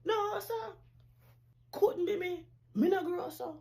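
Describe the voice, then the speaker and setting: A woman playing a scornful Jamaican mother who briskly and sarcastically scolds her lazy child. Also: very high voice, darkish tone, exaggerated voice. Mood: scolding.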